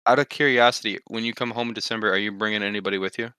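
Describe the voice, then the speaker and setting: A man's voice: fairly low pitch, fairly even intonation, sharp tone, clean tone, dry recording. A young man co-hosting a podcast, joking around and teasing his friends in casual chat. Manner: teasing, joking, quick to interrupt. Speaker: podcast co-host.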